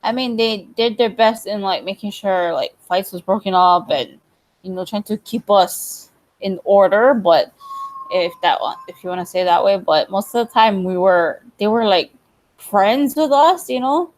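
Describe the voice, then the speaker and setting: A woman's voice: mid-range voice, unhurried. A young adult woman vlogger in casual, rambling chat, laughing often.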